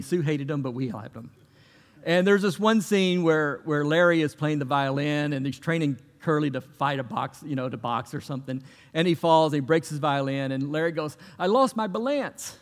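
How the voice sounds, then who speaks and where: A middle-aged man preaching a sermon, conversational and lively, telling stories and often restarting his sentences. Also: a little high, long reverb tail. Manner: conversational, animated storytelling with repeated restarts. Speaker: pastor.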